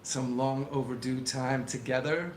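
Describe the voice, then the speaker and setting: A man chatting calmly beside his wife on a vlog, keeping his replies brief. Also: mid-range voice, a little slow, a little hiss or hum. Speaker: co-host. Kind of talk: casual chat. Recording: echoey room.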